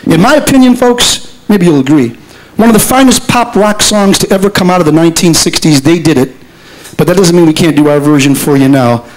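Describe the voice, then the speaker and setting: At a live concert with a loud band playing, a middle-aged lead singer chats playfully with the audience between songs. His voice is on the high side and a little fast, and the recording is low quality.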